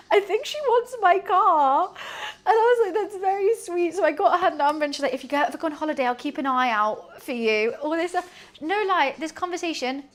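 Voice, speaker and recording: A young woman streaming and chatting casually, telling a story with quick asides and frequent laughs. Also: high-pitched, fairly bright tone. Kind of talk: casual chat to a stream audience.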